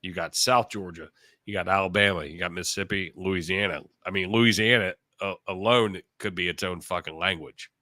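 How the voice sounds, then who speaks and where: A man's voice: low-pitched, fairly even intonation, normal speed, pushed and bright, dry recording, studio quality. A man from Ohio with an Ohio accent, co-hosting a podcast in casual chat, blunt and swearing freely. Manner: profane, blunt banter. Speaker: podcast co-host.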